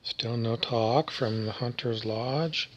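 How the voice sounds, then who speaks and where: In a rambling vlog monologue, a man from Canada meanders wryly, dropping plenty of fillers and side comments. He speaks at a medium pitch and slow pace, with the high frequencies cut off.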